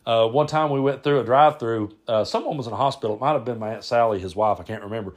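A man's voice: medium pitch, fast talker. A man, hosting a podcast and telling casual stories about family, rambling and often restarting his words. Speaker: podcast host. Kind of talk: casual storytelling monologue.

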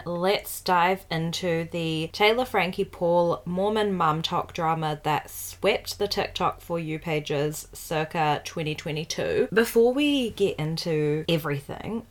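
A young woman with a New Zealand accent hosting a podcast in a casual, chatty way, talking slowly and laughing often. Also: on the low side. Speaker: podcast host.

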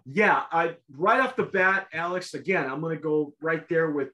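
Casual show host, male, higher-pitched, halting and rambling delivery. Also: sharp tone, a little hiss or hum. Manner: rambling, halting, full of restarts. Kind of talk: casual tasting chat.

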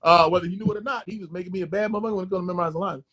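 Actor guest, male, quick and husky, slightly high voice, lively profane storyteller. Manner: animated, profane, repeats words. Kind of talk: casual interview storytelling.

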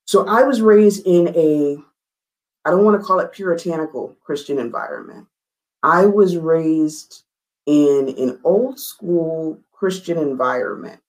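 A woman as an interview guest, telling a candid personal story in an earnest, emphatic way, her voice rising high when she gets excited. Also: rough recording.

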